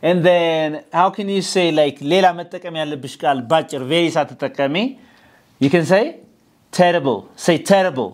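Speaking fast in a fairly high voice, a man with an Ethiopian accent, a native Amharic speaker, runs an English lesson. He coaxes his students to repeat words after him, call and response.

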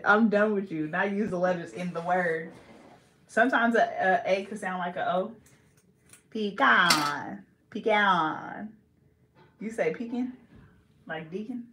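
Playful woman vlogger in an echoey room. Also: fairly low pitch. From Bay Area, California. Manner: giggly, playful, second-guessing herself. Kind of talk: casual chat. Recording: echoey room, faint background hiss.

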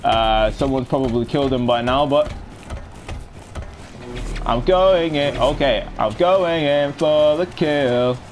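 A man's voice: mid-range voice, takes it slowly, pauses often, soft background music. A young man giving casual, jokey live commentary while playing a shooter game. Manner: chatty, jokey, self-narrating. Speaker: gaming commentator.

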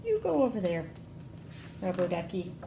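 A woman working as a children's librarian, reading a picture book aloud at storytime in a gentle, expressive, animated way. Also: fairly low pitch, normal speed, creaky, echoey room, background noise.

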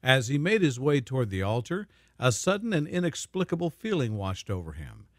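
A male narrator reading a scripted dramatic story in a smooth, even storytelling manner. His pitch rises and falls in a lively way, and the close recording sounds dry. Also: brisk, no echo.

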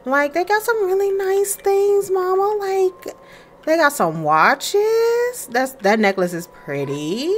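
A young woman talks her way through a life-simulation game, friendly and chatty, calling out to her viewers as she plays. Her pitch jumps around a lot, swooping up and down from line to line. She slips in and out of quick little voices for her characters. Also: sing-song. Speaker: gaming creator playing a life-simulation game. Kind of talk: casual let's-play commentary.

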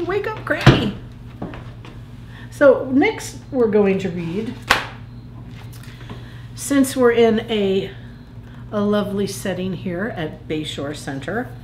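Animated woman librarian reading to kids. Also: medium pitch. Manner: animated, playful storyteller. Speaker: children's librarian. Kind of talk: reading picture books aloud to children. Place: museum room. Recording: echoey room with faint noise.

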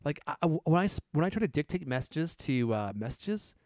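A man hosting a casual tech podcast, chatty and relaxed as he talks. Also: a little high, fairly quick, dry recording, studio quality. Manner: casual and chatty, laughing now and then. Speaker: podcast host.

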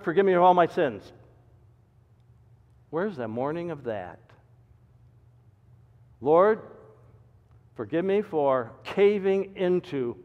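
A male pastor preaches with a high, animated voice that leaps from emphatic shouts to hushed asides. He presses the congregation with question after rhetorical question. The sound is dull and lo-fi, carried on a long church reverb. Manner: dynamic preaching, swinging between loud emphatic climbs and low quiet drops. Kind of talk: sermon. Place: church sanctuary.

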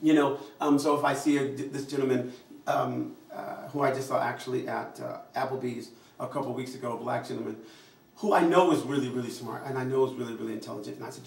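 An American man giving a public address, animated, often acting out the voices of people he quotes. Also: mid-range voice, fast talker, gravelly, a little hiss or hum. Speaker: invited speaker. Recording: echoey room, mic far off.

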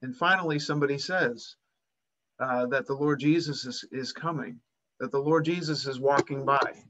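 A man's voice: mid-range voice, normal speed, a bit bright. A man preaching a sermon, retelling a Bible story and acting out its voices with rising emphasis.

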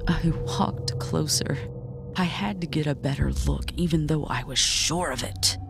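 A woman narrating a horror story in a hushed, often whispered way. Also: deep voice, a little slow, gravelly, over music.

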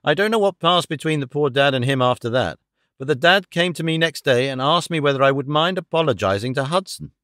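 A man narrating a classic story as an audiobook reader, with a measured storytelling delivery. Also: a little high, expressive, a bit bright, no room sound, clean studio sound. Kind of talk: scripted narration.

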